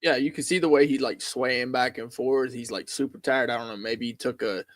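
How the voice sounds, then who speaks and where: A man's voice: mid-range voice, steady tone, brisk. A man casually chatting as a stream co-host, musing about what he sees. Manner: easygoing, speculative chatter. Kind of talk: casual chat.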